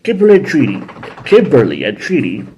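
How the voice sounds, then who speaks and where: A man hosting a casual episode review, rambling and correcting himself, now and then jumping into high acted voices. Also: wildly swooping pitch, fairly quick, a little mellow, lo-fi sound, a little hiss or hum. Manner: rambling, self-correcting, jumps into high-pitched character voices. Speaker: show host reviewing episodes.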